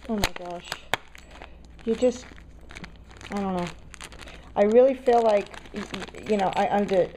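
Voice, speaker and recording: A woman's voice: medium pitch, dark tone, slight background noise. A woman chatting to camera as she unboxes a gift, gushing and gasping, repeating her exclamations. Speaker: craft vlogger opening a swap box. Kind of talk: excited unboxing chat to camera.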